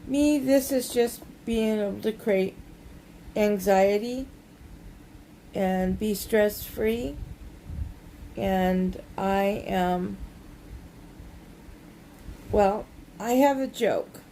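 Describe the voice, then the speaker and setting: A woman talks slowly and chats casually as she works on a craft project. Her voice is mellow and fairly high, and she rambles in a folksy, joke-telling way. A faint hum sits behind her. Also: low-quality recording. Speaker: crafting vlogger. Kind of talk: casual chat while crafting.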